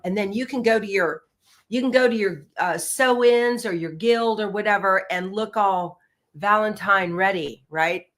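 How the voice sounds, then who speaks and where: A woman's voice: medium pitch, normal speed, fairly bright tone. A middle-aged woman, hosting a quilting livestream in a bubbly, chatty way. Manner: chatty, bubbly, says y'all. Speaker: quilting show host. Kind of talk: casual livestream chat.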